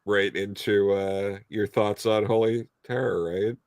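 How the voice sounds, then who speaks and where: A man with a lowish voice talking casually on a live review show. The sound is dry and close-miked. He hedges and fills pauses as he thinks. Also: fairly even intonation, a little mellow, no room sound. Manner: hesitant, lots of fillers. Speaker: podcast co-host.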